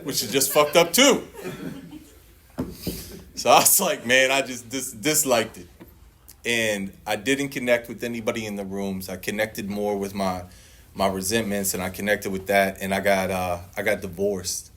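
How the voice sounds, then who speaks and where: A man's voice: lowish voice, moderate pace. A man giving a personal recovery testimony to a meeting audience, telling it as a profane, joking story, laughing often and acting out his own past lines in a livelier voice. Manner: laughs often and shifts into a lively voice when quoting himself.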